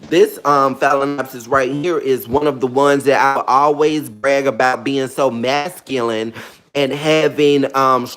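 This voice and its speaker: A sassy man chats through a casual how-to vlog, full of playful, dramatic asides. His voice sits in an everyday middle pitch. He keeps an easy, conversational flow throughout. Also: steady tone, a little slow, fairly bright tone, soft background music. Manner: sassy, chatty, calls viewers girl and honey. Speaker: orchid care vlogger.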